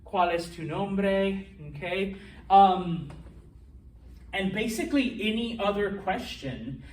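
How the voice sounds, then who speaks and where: Animated male teacher in an echoey classroom. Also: high voice, slow, recorded from a distance. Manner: animated, keeps checking in with the class. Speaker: Spanish teacher. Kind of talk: classroom lecture.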